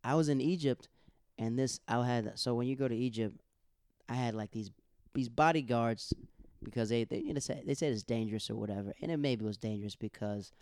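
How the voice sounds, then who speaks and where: A young man rambling through a casual monologue, acting out the people in his stories. His voice is smooth and resonant, recorded close and dry with no room sound. He talks in loose runs with restarts. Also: mid-range voice, dry recording. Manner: rambling, animated storytelling with quoted voices.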